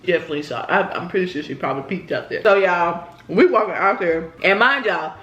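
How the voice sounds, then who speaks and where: A woman's voice: on the low side, expressive, a little fast, a bit bright, highs cut off. A young woman telling a rambling story to her viewers in a casual vlog. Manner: chatty, rambling, addresses viewers directly. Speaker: vlogger. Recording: roomy echo.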